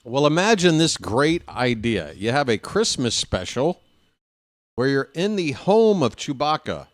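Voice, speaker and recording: A man calling a ballgame at an unhurried pace, drifting into joking, rambling asides between pitches. His voice is dry and close, with no room sound around it. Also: dry recording. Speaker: play-by-play announcer. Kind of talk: casual live baseball play-by-play.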